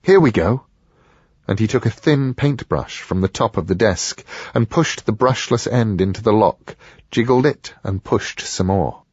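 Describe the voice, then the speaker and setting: Man, audiobook narration, measured, low voice, dry dull sound. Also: a little mellow, slightly rough, no room sound.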